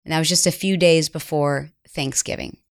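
A woman's voice: low-pitched, steady tone, normal speed. A middle-aged woman hosting a podcast, telling a personal story in an earnest, confiding way that sometimes drops to a near whisper. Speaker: podcast host.

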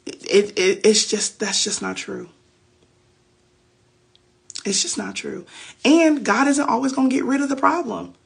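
A woman's voice: a little high, animated, unhurried, creaky, long pauses, slightly rough. A woman hosting a faith podcast, giving casual Bible teaching on a phone livestream in a chatty, preachy way with loose slang.

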